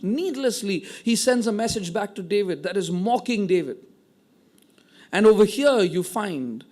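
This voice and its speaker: High-voiced man preaching a sermon. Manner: animated storytelling, acting out quoted lines; repeats words when restarting. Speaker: pastor.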